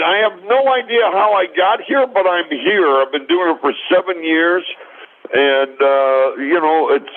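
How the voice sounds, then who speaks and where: Easygoing man over a phone line. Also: on the high side. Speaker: guest. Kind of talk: phone interview.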